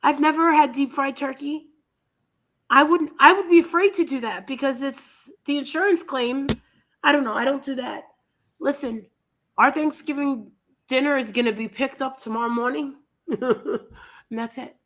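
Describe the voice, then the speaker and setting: A woman hosting a casual commentary show, blunt and openly scornful. Her voice sits high and comes across bright and sharp. She talks in an animated, outspoken way. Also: normal speed. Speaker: commentary channel host.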